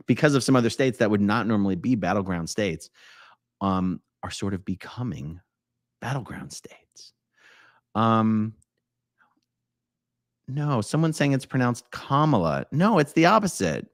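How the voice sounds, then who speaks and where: Guy hosting a livestream, super animated pitch, chatty, jumps from loud to mumbly. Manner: chatty, reads viewer comments aloud and jokes; lively, swings between loud exclamations and mumbled asides. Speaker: livestream host. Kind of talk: casual live-stream chat.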